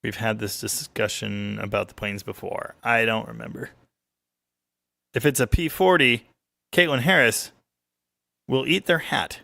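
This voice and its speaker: A man's voice: on the low side, a little slow, vocal fry, long pauses, dry recording. A man hosting a weekly car livestream, chatting casually and joking as he reads out viewer comments. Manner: rambling, joking, lively ups and downs. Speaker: livestream host. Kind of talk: casual live-stream chat reading viewer comments.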